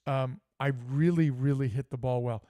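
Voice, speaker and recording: A man co-hosting a live sports talk show, telling an animated story with frequent laughter. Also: mid-range voice, moderate pace, no room sound, studio quality. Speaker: co-host. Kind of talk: casual chat.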